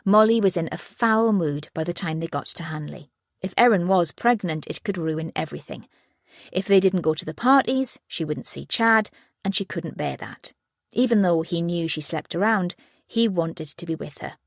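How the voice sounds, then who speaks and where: A woman's voice: fairly low pitch, expressive, moderate pace, no echo, clean studio sound. Woman reading a thriller audiobook. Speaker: audiobook narrator. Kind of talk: scripted narration.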